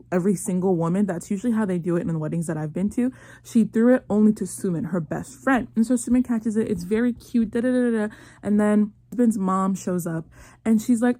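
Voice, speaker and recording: A woman's voice: medium pitch, dark tone, dry recording. A young woman hosting her own show, animatedly retelling a drama in casual chat with sassy asides. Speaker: host recapping a drama.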